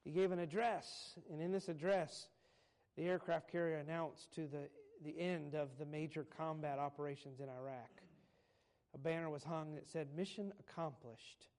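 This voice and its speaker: A male pastor preaching a sermon, telling stories and building to slow, emphatic points. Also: on the high side, steady tone, a little mellow. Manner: preaches with swelling emphasis, slowing on key phrases.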